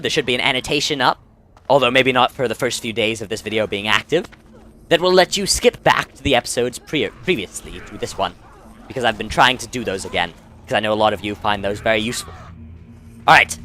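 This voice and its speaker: Bright-voiced man doing chatty game commentary. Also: medium pitch. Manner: chatty and rambling, with frequent self-corrections. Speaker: let's play host. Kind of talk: casual gameplay commentary.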